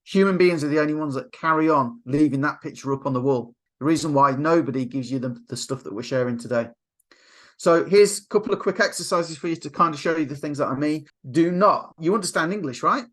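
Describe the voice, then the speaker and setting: A man giving a motivational coaching talk, telling stories with lively acted-out quotes. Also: a little high, brisk. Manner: animated storyteller, acts out quotes. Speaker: NLP coach.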